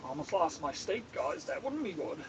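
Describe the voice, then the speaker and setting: A man's voice: high voice, very animated, moderate pace, creaky, background noise. A man from Canada chatting casually on a live stream while he cooks, laughing often and greeting viewers by name.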